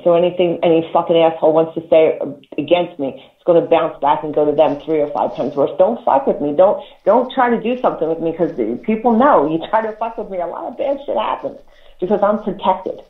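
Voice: mid-range voice, brisk. A talk show host giving casual spiritual advice, emphatic and profane, repeating words and laughing between points. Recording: echoey, tinny phone-like line.

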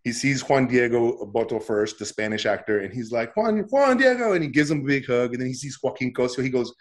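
A man's voice: mid-range voice, fairly even intonation, a little fast. A man being interviewed as a guest actor, telling stories casually, acting out quoted voices and laughing often.

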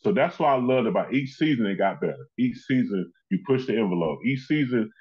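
A man's voice: mid-range voice, lively intonation, brisk, breathy edge. A man hosting a casual chat, praising at length in loose run-on stories. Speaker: host. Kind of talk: casual conversation. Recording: slightly muffled audio.

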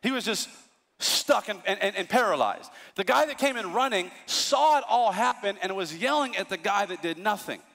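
A man in his thirties preaches from the pulpit, his voice high and bright. He tells stories in an animated way with playful asides. The sound carries a long reverb from a large church hall. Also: normal speed, vocal fry. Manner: animated storytelling, lively asides. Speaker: pastor. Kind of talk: sermon.

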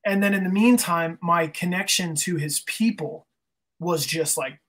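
A man's voice: sits high, measured pace, fairly bright tone. A man guest in a casual interview, telling an emotional story earnestly, often restarting his sentences. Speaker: guest, band singer.

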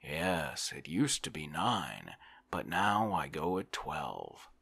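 A man's voice: very deep voice, wildly swooping pitch, slow, vocal fry, a bit bright, breathy edge, no echo, heavily acted. A man voicing an overworked male civil servant in a whispered role-play, complaining and self-important. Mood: harried.

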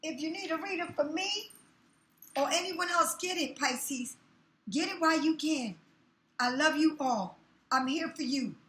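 A woman's voice: sits high, a little slow, fairly bright tone. A woman giving a tarot reading in a casual monologue, talking bluntly and scolding her viewers with plenty of swearing. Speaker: tarot reader. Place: room in her new home. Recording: echoey room.

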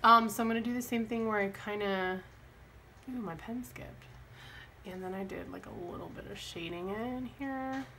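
A woman's voice: medium pitch, normal speed, vocal fry, pushed and bright, slight background noise. A young woman with a light lilt, chatting and rambling as she decorates her planner, often laughing at her own mistakes. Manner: rambling, chatty, self-deprecating. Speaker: planner vlogger. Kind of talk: casual chat while planning.

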